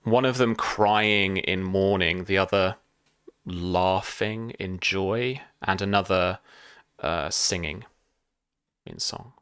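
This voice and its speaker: A man narrating as game master for a tabletop game, pausing often with fillers. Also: sits low, fairly bright tone, smooth, no room sound, studio quality. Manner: hesitant, many fillers.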